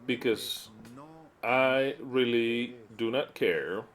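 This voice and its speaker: A man's voice: medium pitch, extremely slow, fairly bright tone. A man preaching to his listeners in an earnest teaching style, repeating his points and reading aloud and explaining them.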